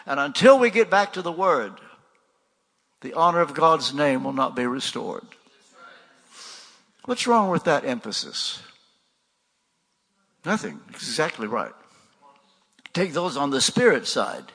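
An older male preacher with a gravelly, raspy voice that is bright and tense in tone. He talks through his sermon conversationally, posing questions and answering them himself. Long reverb from a large hall trails each phrase. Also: a little high, sing-song, measured pace. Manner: conversational, rhetorical questions and repeated refrains.

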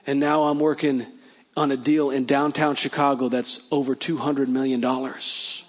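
During a church service, a man preaches a sermon, telling stories before moving into fervent, declaring prophetic prayer. His voice is mid-range with a level tone at normal speed.

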